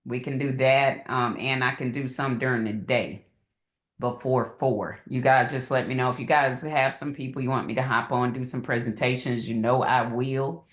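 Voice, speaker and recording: A woman's voice: extremely low pitch, normal speed. Folksy woman hosting a video call. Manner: relaxed, folksy, says y'all. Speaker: call host. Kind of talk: casual video-call chat.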